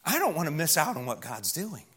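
A man preaching a sermon as pastor in a church, emphatic, slowing down and dropping to a hush on key words. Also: on the high side, sing-song, slightly rough.

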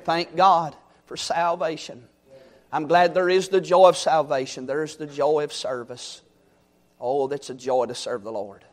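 A middle-aged man preaching a sermon, swinging from loud exhortation to quiet storytelling. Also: a little high, fairly even intonation, measured pace.

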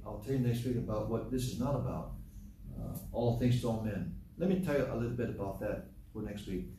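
His warm, medium-pitched voice carries a conversational sermon, peppered with rhetorical questions and casual asides. The pastor was recorded on a distant mic in an echoey church hall, with a little hiss or hum.

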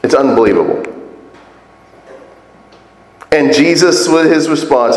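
A man's voice: mid-range voice, a little slow, long pauses, a little hiss or hum. A man preaching a sermon in a conversational, emphatic way, full of rhetorical questions. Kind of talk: sermon teaching. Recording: echoey hall.

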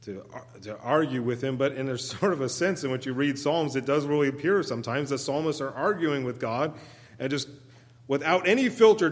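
A man preaching a sermon as a guest preacher, in an earnest manner that swells into loud pleading when he voices the psalmists' cries, with occasional restarts. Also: medium pitch, moderate pace, big-room sound. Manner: occasional restarts and repeated words. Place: church sanctuary.

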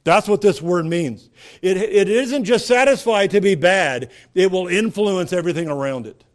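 A man's voice: high-pitched, moderate pace. A man preaching a sermon in a conversational way, asking rhetorical questions and rising to emphatic peaks. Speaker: pastor.

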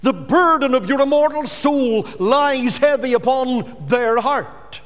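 A man's voice: extremely high pitch, takes it slowly, a bit bright, in a large hall. A man preaching a sermon as pastor, earnest and pleading with his hearers.

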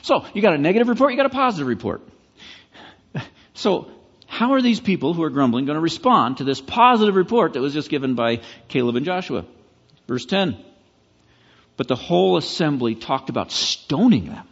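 Lively preaching man in a hall. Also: on the high side, normal speed, long pauses, breathy edge, dull audio. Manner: conversational, animated preaching with rising emphasis. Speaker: pastor. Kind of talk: sermon.

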